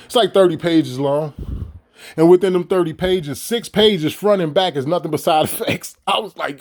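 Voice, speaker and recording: A man's voice: a little high, very animated, normal speed. A man ranting to his audience in a heated, profane, mocking monologue full of rhetorical questions. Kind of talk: profane monologue straight to camera.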